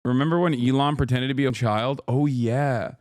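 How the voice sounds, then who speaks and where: A man reacting to clips on his stream in casual commentary, blunt and profane, talking excitedly to his chat. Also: medium pitch, normal speed, dry recording, clean studio sound.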